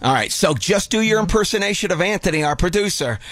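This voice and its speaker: Male radio host, slightly high voice, dry close-miked studio, upbeat announcer delivery. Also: expressive, fast, a bit bright, no room sound. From Las Vegas. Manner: upbeat, announcer-like, laughs often. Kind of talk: radio show hosting.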